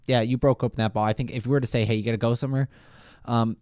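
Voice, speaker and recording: A man co-hosting a casual podcast chat, rambling with stammered restarts, swearing freely and getting excited. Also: medium pitch, very fast, clean tone, no room sound, studio quality. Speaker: podcast co-host.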